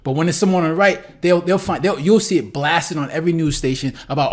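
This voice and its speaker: A man's voice: a little high, fairly even intonation, quick pace, hardly any pauses. A man hosting a commentary channel, talking casually about a clip, rambling with many restarts and asking "right?" again and again.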